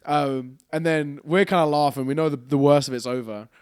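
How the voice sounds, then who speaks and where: A young man with a fairly high, clean-toned voice speaks briskly as a podcast co-host, telling a rambling, animated story peppered with swearing and laughter. The studio-quality recording has no echo.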